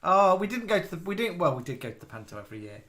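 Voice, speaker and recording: A man's voice: high voice, very animated, very fast, a bit bright. A man from the UK co-hosting a live stream, chatting casually and reading out viewers' comments. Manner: chatty, gossipy storyteller.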